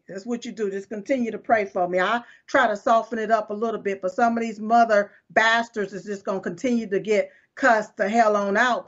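A woman, hosting a live show and talking to viewers in an emphatic, repetitive, folksy preaching cadence. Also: fairly high pitch. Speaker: show host. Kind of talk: casual talk to viewers. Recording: dull lo-fi stream audio.

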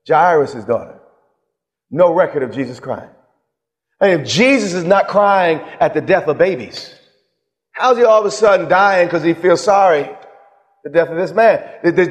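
A middle-aged man preaching a sermon with passion, moving from loud outbursts to hushed, slow moments. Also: a little high. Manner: impassioned, swings from loud to hushed. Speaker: pastor. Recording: long reverb of a large hall.

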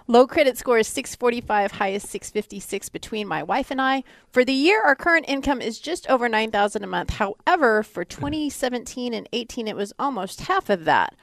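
Lively teasing radio co-host woman. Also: fairly high pitch, a little fast, no room sound. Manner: teasing, shushes her co-host. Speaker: radio co-host reading listener questions. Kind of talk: casual radio talk. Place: radio studio. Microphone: studio microphone.

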